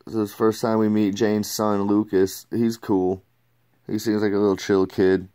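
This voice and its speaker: A man's voice: lowish voice, little pitch movement, normal speed, dark tone. A man giving a casual, rambling comic book review, laid-back, swearing and saying "dude" a lot.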